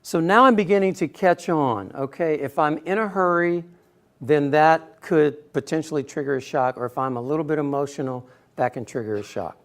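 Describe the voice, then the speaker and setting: A middle-aged man telling a personal story in a speech to an audience, acting out quotes with sudden loud bursts. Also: a little high, normal speed. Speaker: speaker giving a personal talk.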